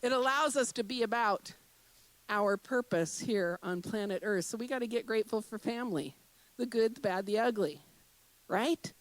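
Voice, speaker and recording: Woman minister with a high voice preaching to a congregation; repeats key phrases for emphasis and eases into gentle guided breathing. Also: no room sound, poor audio. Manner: emphatic and repetitive, with rhetorical questions to the congregation; slows into a soft, guided breathing meditation. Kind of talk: sermon.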